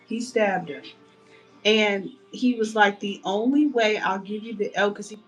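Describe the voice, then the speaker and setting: With a fairly low-pitched voice, a young woman chats animatedly on a livestream, retelling a story with playful outrage as she paints her nails.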